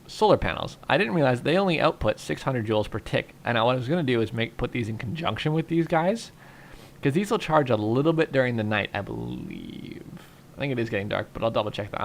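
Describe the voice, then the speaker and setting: Tired and yawning, a young man narrates Minecraft casually as a gaming YouTuber, rambling through his thoughts with plenty of fillers in a relaxed way. His voice is medium-pitched and gravelly, with a little hiss or hum.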